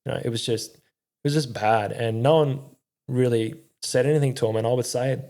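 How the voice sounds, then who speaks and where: A young man, a former soldier, telling his story in a candid interview, halting, with lots of fillers and swearing. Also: mid-range voice, steady tone, a little mellow. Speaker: podcast guest, army veteran.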